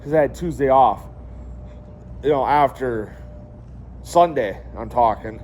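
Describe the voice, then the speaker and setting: A young man rambles through a casual vlog. He leans on fillers and drops swear words freely. His pitch sits in the middle, and faint background noise runs beneath him. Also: a little slow, darkish tone. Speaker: vlogger.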